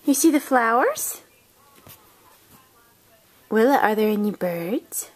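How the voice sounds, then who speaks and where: A woman's voice: on the high side, expressive, takes it slowly. A young woman talking to a toddler in coaxing, repetitive, sing-song baby talk for a home video.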